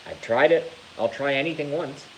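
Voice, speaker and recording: A man's voice: mid-range voice, normal speed, poor audio. Guy vlogging a rant, swears a lot, acts disgusted, bit of hiss on the audio. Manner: animated, theatrical disgust, swears freely. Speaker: YouTube vlogger. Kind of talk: casual rant to camera.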